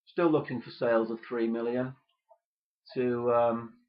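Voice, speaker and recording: A man hosting a comedy show, delivering a deadpan, gloomy rant full of hesitant pauses. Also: medium pitch, muffled recording. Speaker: comedy podcast host.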